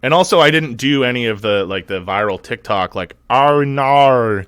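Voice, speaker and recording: A man's voice: lowish voice, lively intonation, fairly quick, sharp tone, smooth, no room sound, clean studio sound. A young man co-hosting a podcast in casual chat, rambling with many fillers and laughing easily. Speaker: podcast co-host.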